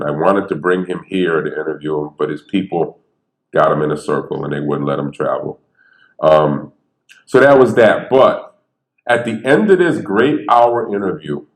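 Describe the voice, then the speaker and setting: A man who stutters, telling stories on stage in a lively, conversational way and acting out the people he quotes. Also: deep voice. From Bridgeport, Connecticut. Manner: animated, conversational, acts out quotes. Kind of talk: storytelling talk. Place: theater stage. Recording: echoey theater.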